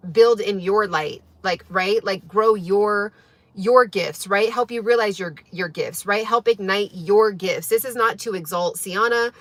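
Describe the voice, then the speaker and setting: A woman streams live to her wellness community, talking casually and earnestly. She leans on fillers and keeps checking in with her listeners. Her voice sits in a middle pitch and sounds close and dry, with no room echo. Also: a bit bright. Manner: earnest, emphatic, filler-heavy, often asks "right?". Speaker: wellness channel host. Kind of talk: casual livestream talk to viewers.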